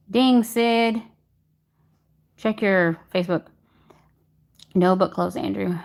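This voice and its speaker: A woman hosting a casual livestream from home, greeting viewers by name and reading their comments aloud. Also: fairly low pitch. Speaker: livestream host reading chat. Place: home in Texas during a power outage.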